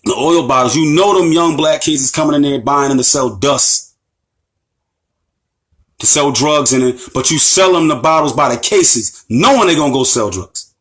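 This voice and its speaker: A man from the United States lectures as an Islamic teacher, with a voice that sits somewhat high for a man. He drives his points home by repeating phrases and firing rhetorical questions at his audience. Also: normal speed, fairly bright tone. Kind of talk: impassioned lecture.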